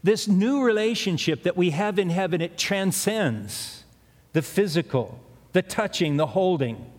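A man's voice: high-pitched, lively intonation, measured pace. A middle-aged man preaching a sermon as pastor, retelling scripture in a conversational storytelling way with personal asides. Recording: echoey hall with long reverb.

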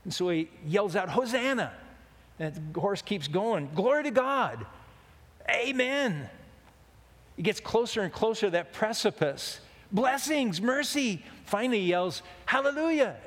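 A man's voice: sits high, vocal fry. Folksy preacher man in a reverberant hall. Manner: folksy, rambling storyteller who jokes. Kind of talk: sermon with a told anecdote.

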